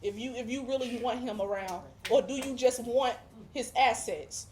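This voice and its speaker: A woman's voice: a little high, normal speed, a little mellow, a little hiss or hum. A woman guest giving a religious testimony, speaking emphatically with preacher-like repetition. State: emotional, near tears at times.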